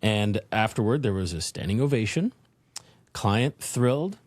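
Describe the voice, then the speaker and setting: A man guest on a business podcast, telling a personal story in an animated way and acting out the voices in his head. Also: lowish voice, a little slow, no echo. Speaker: podcast guest, leadership consultant. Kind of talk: interview storytelling.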